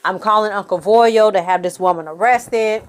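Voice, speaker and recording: A woman's voice: mid-range voice, normal speed, close to an everyday voice. A woman voicing a defiant young woman who snaps back at her mother.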